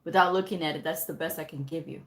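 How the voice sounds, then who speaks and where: A woman's voice: low voice, fairly even intonation, fast. A middle-aged woman hosting a live stream, casually chatting and reading out and answering viewer comments. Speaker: livestream host answering viewer questions.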